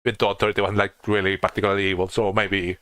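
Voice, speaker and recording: A man's voice: on the low side, little pitch movement, rapid-fire, a bit bright, slight background noise. A young man giving casual, rambling commentary on a video game he is playing. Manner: rambling, restarts, lots of fillers. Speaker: let's play streamer. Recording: faint game music behind.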